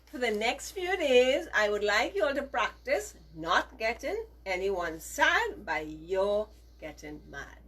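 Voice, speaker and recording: A woman's voice: mid-range voice, big pitch swings, takes it slowly, hardly any pauses, a bit bright, breathy edge, rough recording. A middle-aged woman teacher giving a values lesson to children, coaxing them to repeat phrases after her.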